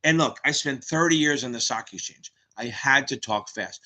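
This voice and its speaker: A man in his fifties hosting a live exam Q&A stream, talking fast, cursing and rambling. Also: medium pitch, pushed and bright. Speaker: exam tutor, stream host.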